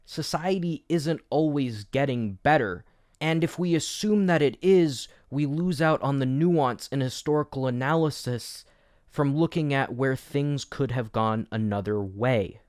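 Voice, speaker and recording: A man's voice: medium pitch, measured pace, darkish tone, no echo, studio quality. Wry man giving a history lecture. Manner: wry, jokey asides. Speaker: educational YouTube host. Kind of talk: video essay lecture.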